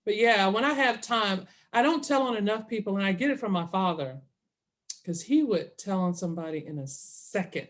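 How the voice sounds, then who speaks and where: A woman's voice: mid-range voice, moderate pace. Woman, middle-aged, chatty interview guest, acts out both sides of the story. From Southern US. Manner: animated, quotes herself and others in dialogue. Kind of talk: casual storytelling.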